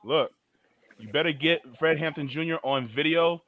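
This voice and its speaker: A man's voice: on the high side, normal speed, narrow, tinny audio. A man co-hosting a casual political podcast, jokey and emphatic. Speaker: co-host.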